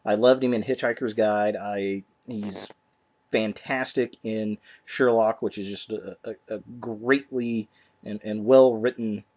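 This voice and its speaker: A man's voice: lowish voice, steady tone, unhurried, darkish tone. A man giving a casual, rambling movie news update as a vlogger, full of ums and restarts.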